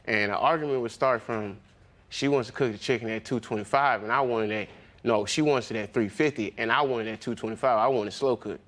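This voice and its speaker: A man's voice: medium pitch, a little fast, fairly bright tone. A young man speaking casually in his testimony on a courtroom TV show, rambling with lots of fillers and slang. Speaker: litigant.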